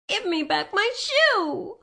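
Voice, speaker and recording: A woman voicing an earnest little girl in a high, childlike voice. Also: lively intonation, takes it slowly, vocal fry, pushed and bright, exaggerated voice. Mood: indignant. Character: brave, indignant little girl.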